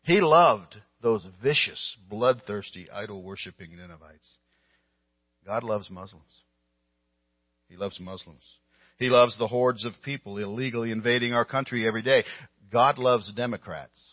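A man preaching a sermon as a pastor, stressing words loudly and then dropping quiet. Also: lowish voice, moderate pace, dry recording, lo-fi sound. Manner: emphatic, with sudden loud stresses and quiet drops.

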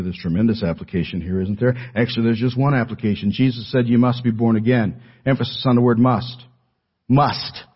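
A male pastor preaching a sermon in earnest, moving between raised emphasis and hushed pleading. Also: on the low side, slightly rough, muffled recording.

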